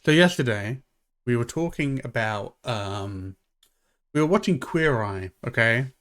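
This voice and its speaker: Male streamer, chatty rambler, mid-pitched, lots of ums and restarts. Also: expressive, unhurried, a bit bright. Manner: rambling storyteller, many fillers and restarts. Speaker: live streamer. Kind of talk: casual live-stream chat.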